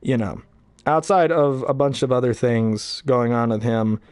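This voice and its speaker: A man's voice: mid-range voice, a little slow, darkish tone, clear, resonant tone, no room sound. A young man casually chatting between impressions, rambling and hesitant with many fillers. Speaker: hobby voice actor.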